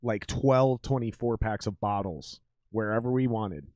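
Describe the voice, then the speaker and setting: A man's voice: on the low side, a little slow, a little mellow, dry recording. Male podcast host, casual storyteller, cursing and laughing, dead-dry room. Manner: profane storytelling, laughs often. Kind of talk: casual chat.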